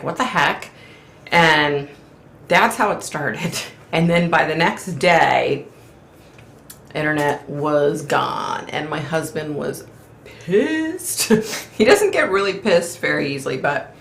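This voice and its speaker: A woman's voice: low-pitched, sharp tone, roomy sound. A middle-aged woman hosting a live stream from home, chatting casually in a rambling way and laughing often. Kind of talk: casual chat.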